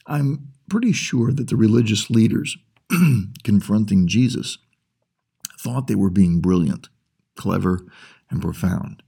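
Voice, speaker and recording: A male pastor delivering a sermon in a deep, gravelly voice with a husky edge. He talks his listeners through the point step by step, asking rhetorical questions along the way. The tone is dark and mellow.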